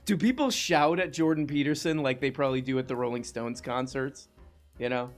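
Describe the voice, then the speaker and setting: A male host of a live talk show, rambling and joking casually at a middle pitch. He talks loosely and wanders off into asides. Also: normal speed, faint music behind. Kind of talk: casual chat.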